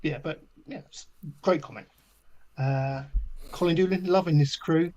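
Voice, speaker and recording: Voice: medium pitch, measured pace, a little mellow. A podcast co-host in casual chat who laughs readily and reads out listener comments.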